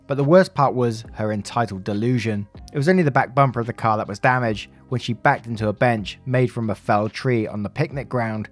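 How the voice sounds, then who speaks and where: Man narrating stories over soft music. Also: mid-range voice. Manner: casual, chatty asides to viewers. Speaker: story narrator. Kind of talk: reading online stories aloud.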